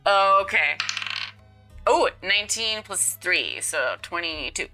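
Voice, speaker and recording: A woman's voice: fairly low pitch, expressive, takes it slowly, music in the background, poor audio. A woman playing a tabletop game, talking casually with lots of fillers and giggles. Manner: giggly, filler-heavy talk. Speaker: player.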